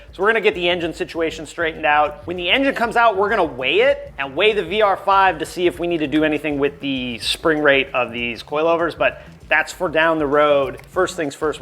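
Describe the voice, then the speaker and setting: A man's voice: a little high, bright, forceful tone. A man hosting a car project video, joking and explaining as he works in a garage. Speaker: host, mechanic. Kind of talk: casual garage chat.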